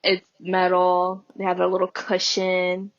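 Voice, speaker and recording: A woman's voice: lowish voice, monotone, a little slow, dry recording, muffled recording. A woman guest on a podcast in casual chat, chatty and giggling between remarks.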